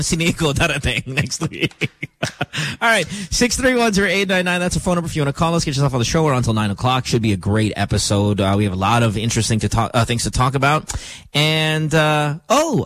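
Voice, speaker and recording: A man hosting a morning radio show in a studio, talking casually in an animated, joking, playfully dramatic way. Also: a little high, a little fast, no echo. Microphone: studio microphone.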